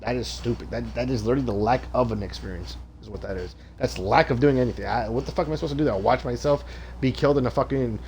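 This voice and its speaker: A man streaming a game live, ranting loudly and with exasperation about the matchmaking, swearing constantly. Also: medium pitch, quick pace, a little hiss or hum. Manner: profane ranting, loud and exasperated. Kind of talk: live gaming stream rant.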